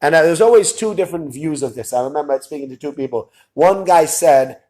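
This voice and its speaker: A man telling a long personal story in a casual, animated way, dropping his voice low when he quotes other people. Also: fairly quick. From lives in Israel.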